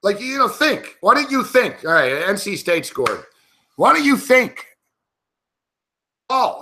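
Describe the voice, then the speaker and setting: A man reacts live to a football game, cursing at every bad play. His voice sits fairly high and sounds bright and edgy. His pitch jumps all over as his frustration builds. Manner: frustrated, profane ranting at the game. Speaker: sports betting analyst.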